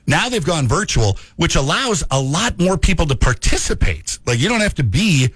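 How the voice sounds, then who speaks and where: Animated man hosting morning radio. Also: fairly high pitch, normal speed, slightly rough, no echo. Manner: jokey, laughs often, playful. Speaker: radio show host. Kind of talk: casual morning radio chat. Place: radio studio.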